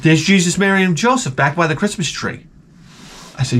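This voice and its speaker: Man, vlogger, has the flu, comedic rant, exasperated, profane, rambling, lively pitch. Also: a little fast, a little hiss or hum. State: sick with the flu.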